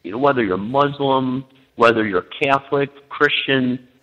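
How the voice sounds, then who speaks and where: A man's voice: mid-range voice, moderate pace, sharp tone, highs cut off. A man, a guest minister, chatting on a talk show over the phone, hesitant with many fillers and given to joking. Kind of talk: casual chat on a talk show.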